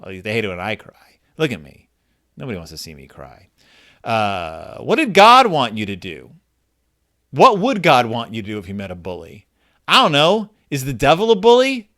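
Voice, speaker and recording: Wry self-deprecating man, lively pitch. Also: normal speed. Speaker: podcast host. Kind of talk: comedic book reading and commentary.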